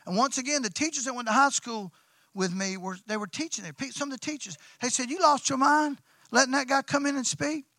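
A male pastor with a drawl tells a story from the pulpit, his voice high and bright. He talks in folksy, excitable bursts, repeating himself and restarting his sentences. The sound is dry and close, with no room around it. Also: fairly quick, no echo. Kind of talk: sermon storytelling.

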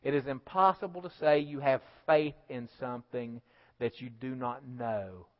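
A male pastor preaching a sermon, swinging between loud emphatic lines and quiet asides to the congregation. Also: medium pitch, normal speed. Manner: preaching with call-and-response asides, rising and falling in volume. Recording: dull lo-fi sound with long hall reverb.

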